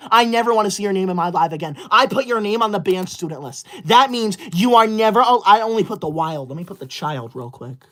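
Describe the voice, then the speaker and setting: A woman's voice: medium pitch, expressive, a little fast, hardly any pauses, a bit bright. A woman livestreamer chatting with viewers, scolding them in a mock-indignant, theatrical huff.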